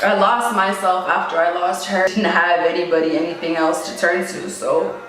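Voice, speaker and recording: A woman's voice: medium pitch, fairly bright tone. A young woman telling a painful personal story in casual slang, choked up and close to tears. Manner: casual slangy talk full of "like" and "yo". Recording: very echoey and distant, played back over a speaker, faint music.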